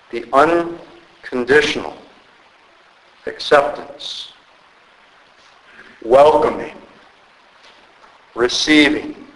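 A man preaching a sermon as pastor, slow and emphatic with dramatic pauses. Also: mid-range voice, a bit bright, reverberant, low-quality recording.

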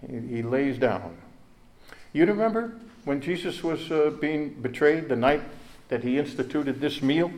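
A male pastor preaches with earnest conviction, his voice sitting at a middling pitch. He stumbles and repeats words as he goes, then climbs to loud, emphatic peaks before dropping back to a quiet tone. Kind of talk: sermon.

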